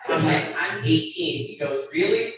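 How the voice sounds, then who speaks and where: A young woman recounts a trip story, chatty and laughing, full of likes. She sounds far from the mic in a strongly echoing church hall, with an audience clearly heard around her. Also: low-pitched, a little slow, a loud crowd. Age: young adult. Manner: laughing, animated storytelling with fillers. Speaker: panelist sharing a mission trip. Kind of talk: church panel testimony.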